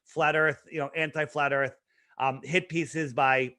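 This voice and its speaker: A man guesting on an interview, talking fast and emphatically with plenty of restarts and fillers. His voice sits fairly high, and the recording is dry and close, with little room sound. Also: level tone, pushed and bright, no echo. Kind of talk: casual promotional talk.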